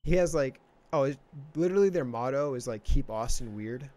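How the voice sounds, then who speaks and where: A man's voice: mid-range voice, animated, a little fast, mellow. Rambling young Texan man, podcast host. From Texas. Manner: rambling, many fillers and restarts. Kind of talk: casual chat.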